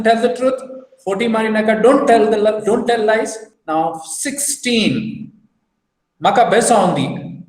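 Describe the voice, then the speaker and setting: A man with a high voice teaches a beginners' language class over a video call. He talks patiently, repeats each phrase slowly and explains it with everyday examples. The sound is echoey, as if he is in a bare room.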